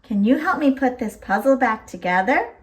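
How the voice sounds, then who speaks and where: A woman's voice: on the high side, lively intonation, normal speed. A woman hosting a toddler lesson, speaking in a sing-song way and imitating farm animal noises. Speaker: children's teacher.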